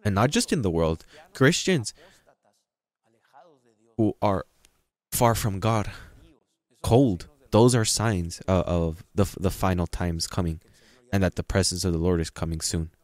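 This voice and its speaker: A man preaching a sermon as pastor, reading scripture slowly and breaking into sudden loud, emphatic passages. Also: sits low. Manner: reads scripture aloud slowly and stresses it.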